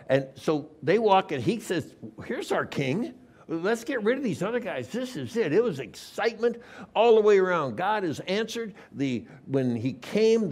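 Man preaching a storytelling sermon. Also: fairly high pitch. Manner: storytelling with sudden swings between loud and hushed. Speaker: pastor.

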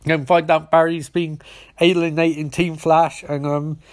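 A man with a somewhat high voice, talking through a TV episode in a loose, rambling recap. He makes sarcastic asides and swears freely. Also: little pitch movement, a little slow. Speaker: show recapper.

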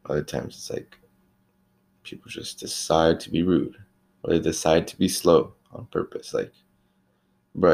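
A young man who works at a fast-food shop, talking in a loose, chatty rant about rude customers. He swears freely and fills his talk with "like" and "you know". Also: sits low, creaky, a little mellow. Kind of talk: casual ranting monologue.

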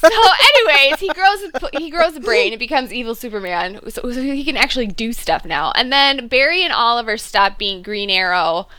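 A woman's voice: on the high side, normal speed, few pauses. A woman co-hosting a podcast, recapping an episode in casual chat, sarcastic and laughing as she talks. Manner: animated, sarcastic, laughs mid-sentence. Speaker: podcast co-host.

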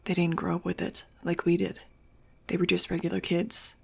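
Woman reading guarded teen boy, quiet, hushed, gravelly. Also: lowish voice, completely flat delivery, moderate pace, heavily acted. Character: guarded teenage boy leader, quiet and tense.

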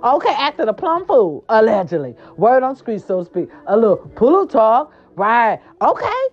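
A woman hosting a casual gossip show, sassy and animated, swearing freely, with a hoarse voice from a sore throat. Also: a little high, moderate pace, muffled recording. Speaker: host.

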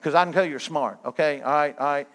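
A man's voice: a little high, fast, a bit bright. A middle-aged man preaching a sermon as a guest evangelist, folksy and joking with his listeners.

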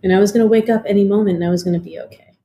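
A woman's voice: medium pitch, steady tone, rapid-fire, dark tone. A woman in her forties from Detroit, telling her life story as a guest, frankly, with lots of swearing and fillers. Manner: frank and profane, many fillers. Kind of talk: candid interview storytelling.

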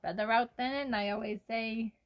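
A woman's voice: fairly high pitch, flat delivery, brisk, muffled recording. A young woman co-hosting a casual chat, playful and goofy, often laughing. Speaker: podcast co-host.

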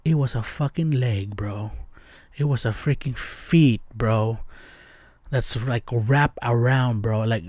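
A young man hosting a podcast, telling a scary story in casual chat, excitable and slangy, dropping to hushed tones at tense parts. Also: mid-range voice, dry recording, clean studio sound. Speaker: podcast host.

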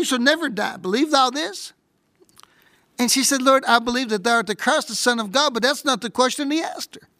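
A woman preaching a sermon with fervent delivery, dropping to hushed whispers and rising to shouts, often repeating words when stirred. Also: high-pitched, no room sound, studio quality.

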